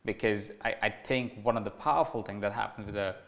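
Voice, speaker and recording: A man with an Indian accent interviews a guest, warm and a little hesitant, restarting his sentences. His voice is low, with a gravelly fry. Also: steady tone, fairly quick. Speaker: interviewer, host. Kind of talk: conversational interview.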